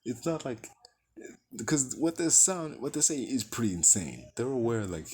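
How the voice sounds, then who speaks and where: Animated, profane man ranting. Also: medium pitch, normal speed, slight background noise. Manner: animated, profane, exasperated rant with acted-out quotes. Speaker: movie reviewer. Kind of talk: casual ranting movie review.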